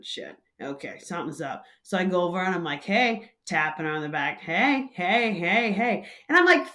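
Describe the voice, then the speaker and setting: A woman hosting a casual vlog, telling a story in a chatty, loose way full of fillers. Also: on the low side. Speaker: vlog host and coffee shop manager.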